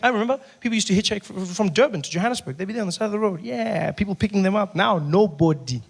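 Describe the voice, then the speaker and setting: A middle-aged man with a South African accent doing stand-up comedy, animated and repetitive, jumping into voices and sound effects. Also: high-pitched, very fast, creaky.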